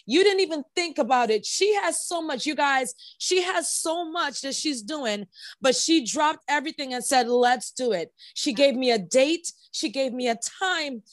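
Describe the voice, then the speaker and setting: A woman's voice: high-pitched, no room sound. A woman hosting a podcast in casual chat, effusive and openly emotional, repeating words for emphasis. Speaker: podcast host.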